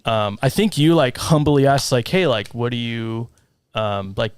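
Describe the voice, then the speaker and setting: A man's voice: mid-range voice, a little slow, clean tone, dry recording. A man, a music teacher, guesting on a podcast and telling stories with lots of laughs. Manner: animated storyteller who acts out voices and laughs often. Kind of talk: casual podcast chat.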